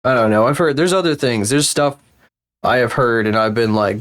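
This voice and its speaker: A man's voice: medium pitch, lively intonation, moderate pace, a bit bright, smooth, soft background music. A man with the flu, chatting casually on a livestream in a rambling, profane, incredulous way. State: sick with flu. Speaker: streamer.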